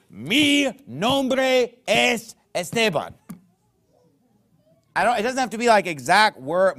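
A man's voice: high voice, fairly bright tone. A man preaching a sermon in an emphatic, conversational way, often checking in with his listeners.

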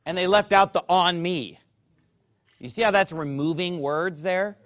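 A man's voice: high voice, moderate pace, fairly bright tone. A man preaching a sermon in an emphatic, conversational way, often checking in with his listeners.

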